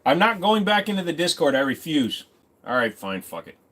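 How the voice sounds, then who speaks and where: A man's voice: fairly high pitch, big pitch swings, a little fast, a bit bright. Rambling, joking streamer guy. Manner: rambling, joking, swears freely. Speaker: livestream host. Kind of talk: casual livestream chat. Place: home computer desk.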